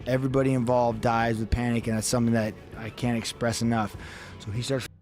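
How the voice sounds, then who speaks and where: A man's voice: mid-range voice, level tone, a little fast, a little mellow, faint music behind. Man telling a story, swearing freely. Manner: vivid, acts out his own inner thoughts. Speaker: podcast guest. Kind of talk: casual storytelling.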